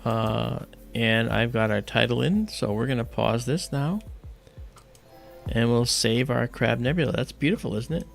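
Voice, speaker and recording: A man's voice: mid-range voice, measured pace, creaky, faint music behind. A man hosting an astronomy livestream, explaining things step by step in a loose, casual way.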